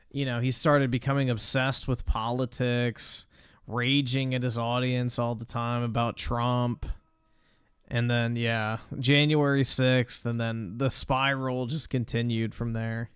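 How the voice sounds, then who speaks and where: A man's voice: mid-range voice, fairly bright tone, clear, resonant tone, no echo, studio quality. A man streaming, giving blunt, rambling and profane reaction commentary.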